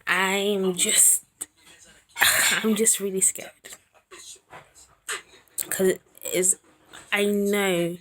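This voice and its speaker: A young woman speaking in a somewhat low voice, recording a casual video diary at home. She talks to herself with earnest, anxious sincerity, her words often sinking into a soft near-whisper. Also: slight background noise. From England. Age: young adult. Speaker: university student vlogger. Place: at home indoors.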